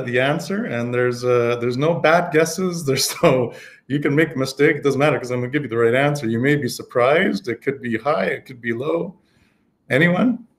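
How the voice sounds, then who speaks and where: A man teaching a Spanish lesson on a live stream, talking casually with many fillers and restarts. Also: mid-range voice.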